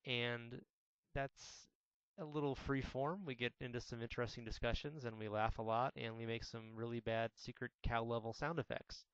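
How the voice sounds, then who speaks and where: A man's voice: medium pitch, fairly bright tone, clean tone, dry recording. An American man hosting a podcast in casual, joking, rambling chat. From United States. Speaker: podcast host. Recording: dry, slightly muffled podcast audio.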